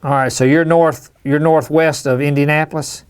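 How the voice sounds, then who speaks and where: A man's voice: a little high, steady tone, normal speed, clean tone. Folksy man hosting a call-in. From Alabama. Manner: folksy, rambling storyteller. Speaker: radio show host. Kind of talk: casual call-in chat.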